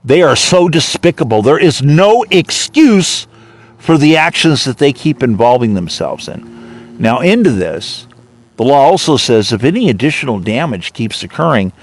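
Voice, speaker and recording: A man's voice: medium pitch, very animated, moderate pace. A man hosting his own podcast, ranting indignantly and retelling his arguments with officials. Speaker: podcast host. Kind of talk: monologue.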